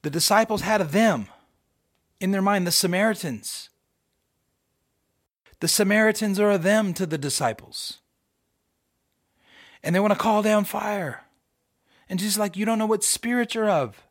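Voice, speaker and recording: A middle-aged man giving an informal, conversational Bible teaching with emphatic rhetorical questions and bursts of excitement. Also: sits high, a little slow, long pauses, dry recording, studio quality. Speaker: podcast host teaching scripture.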